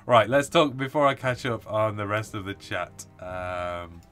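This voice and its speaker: A man's voice: lowish voice, animated, a little slow, a bit bright, soft background music. A man hosting a casual live stream, chatting, laughing often and reading viewer comments aloud. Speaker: host reading live chat.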